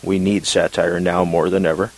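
A man hosting a radio interview, halting and hesitant, with frequent fillers and restarts. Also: sits low, little pitch movement, low-quality recording. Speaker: radio talk show host.

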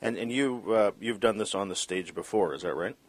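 A man hosting an interview, asking long, halting questions and repeating words. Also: on the low side. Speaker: interview host. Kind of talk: casual interview talk. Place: Vancouver.

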